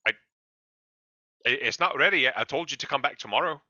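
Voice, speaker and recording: A man voicing a gruff, busy male blacksmith shopkeeper who talks in short, distracted replies. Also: mid-range voice, expressive, a little fast, sharp tone, no room sound, lo-fi sound, pitched above the performer's own voice. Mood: curt.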